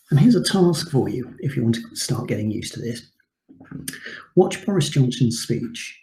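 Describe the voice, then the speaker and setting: Very dark-voiced male teacher. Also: medium pitch. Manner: explanatory, with frequent ums. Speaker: English teacher. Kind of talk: recorded lesson. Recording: echoey room.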